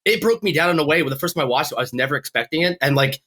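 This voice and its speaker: A man chatting casually on a podcast at a rapid clip. His voice is bright and forward, a little higher than most men's, and he swears and laughs a lot. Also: lively intonation, slight background noise. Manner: fast, swearing, laughing often. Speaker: podcast co-host. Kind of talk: casual chat.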